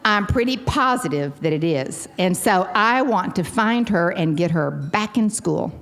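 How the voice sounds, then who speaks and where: Earnest Texan woman with a lower voice. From Texas. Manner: heartfelt, folksy, earnest. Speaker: recovery meeting speaker. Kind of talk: personal story told to an audience.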